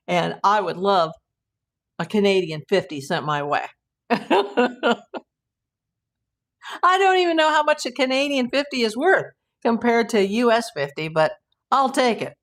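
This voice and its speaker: A woman hosting a casual live stream, telling rambling anecdotes and laughing often. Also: mid-range voice. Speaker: host of a live YouTube channel.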